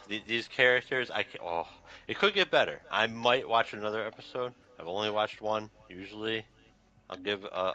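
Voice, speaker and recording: A man hosting a casual talk show, rambling through an animated retelling with lots of fillers. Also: on the low side. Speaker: podcast host. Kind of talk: casual chat. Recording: dull lo-fi sound.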